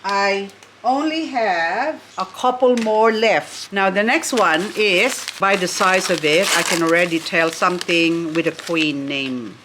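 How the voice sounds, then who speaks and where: A woman's voice: mid-range voice, unhurried, noisy background. A woman vlogging at home, chatty and gushing as she unboxes succulents and talks to her plants. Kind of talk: casual unboxing chat.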